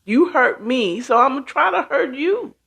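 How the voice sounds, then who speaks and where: A woman's voice: high-pitched, animated, moderate pace, vocal fry, fairly bright tone, husky. A woman hosting a casual talk show, speaking emphatically and acting out quoted reactions as she goes. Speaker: host.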